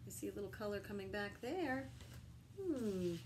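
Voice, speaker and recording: A woman teacher reading a picture book aloud to young children, gently pausing to ask them questions. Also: medium pitch, expressive, background noise. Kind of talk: storybook read-aloud for children.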